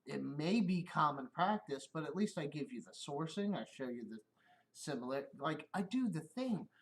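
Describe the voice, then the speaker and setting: A man's voice: a little high, sing-song, normal speed. A middle-aged man on a casual livestream, rambling and swearing, often laughing at his own stories. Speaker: streamer.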